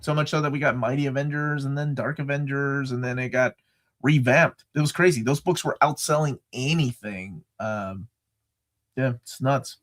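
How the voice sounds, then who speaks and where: A middle-aged man co-hosts a casual live chat in a mid-range voice at a moderate pace. He's animated and joking, frequently restarting his sentences.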